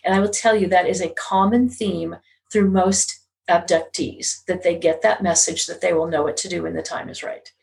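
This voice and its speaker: A woman's voice: lowish voice, fairly even intonation, normal speed, vocal fry, darkish tone, low-quality recording. A middle-aged woman speaking casually as an interview guest, laughing often and acting out what others said. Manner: laughs often, acts out quoted voices.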